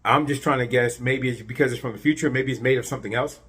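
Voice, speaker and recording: A man recapping a superhero episode in a casual, animated way, repeating words and filling gaps with fillers. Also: mid-range voice, fast talker, breathy edge. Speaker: show reviewer.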